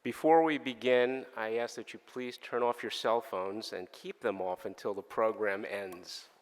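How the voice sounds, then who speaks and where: A man's voice: lowish voice, fairly even intonation. Man announcing the program in a hall. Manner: measured, announcing. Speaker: university administrator hosting. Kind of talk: formal welcome and introductions. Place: large auditorium. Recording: long reverb of a large hall.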